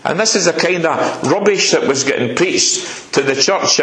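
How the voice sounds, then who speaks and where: A man's voice: fairly high pitch, expressive, moderate pace, fairly bright tone, echoey room, poor audio. A man preaching a sermon, earnest and repeating key phrases for emphasis. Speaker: lay preacher. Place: church hall.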